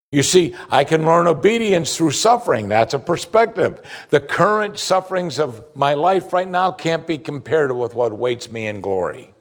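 A man preaching a sermon, emphatic and animated, asking rhetorical questions. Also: on the high side. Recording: long hall reverb.

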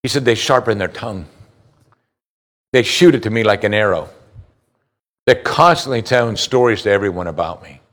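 A man preaching a sermon, rising loud on high points and dropping low and slow for scripture, asking listeners direct questions. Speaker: pastor.

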